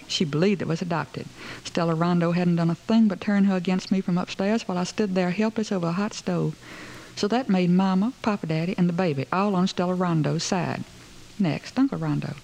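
A woman's voice: lowish voice, gravelly, darkish tone, rough recording. A woman narrating a story in the first person, with a wry, aggrieved storytelling manner.

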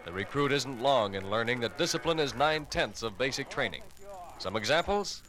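A man giving measured, wry scripted narration for a documentary. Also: medium pitch, animated, a crowd in the background. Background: music.

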